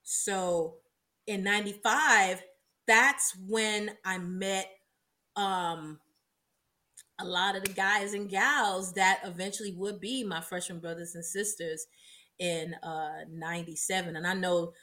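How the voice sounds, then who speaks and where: A woman from South Florida, co-hosting a podcast and reminiscing in casual chat, animated and quick to laugh as she acts out old quotes. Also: medium pitch. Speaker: podcast co-host.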